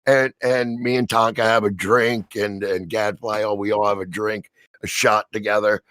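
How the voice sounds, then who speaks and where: A man telling a story in casual chat, swearing freely and loudly acting out the lines of the people in it. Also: fairly low pitch, moderate pace, no echo. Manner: profane, animated storyteller acting out quotes loudly.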